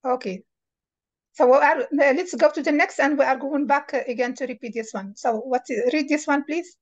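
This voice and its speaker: A woman tutoring a beginner in reading, patiently repeating words slowly to model how they sound. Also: sits high, lo-fi sound. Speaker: Arabic tutor. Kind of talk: one-on-one reading lesson.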